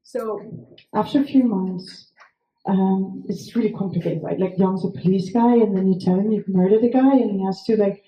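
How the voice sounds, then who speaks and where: Dark-voiced woman telling a crude comic story. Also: mid-range voice, normal speed. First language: not English. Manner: swears freely, rambling with many fillers. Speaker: author telling a personal story. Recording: echoey room, faint noise.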